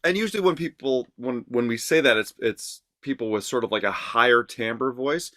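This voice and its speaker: A man's voice: medium pitch, moderate pace, sharp tone, no room sound, studio quality. A man who coaches voice, chatting in a casual reaction video and often stopping to search for the right words. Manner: hesitant, searches for words with many fillers. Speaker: vocal coach.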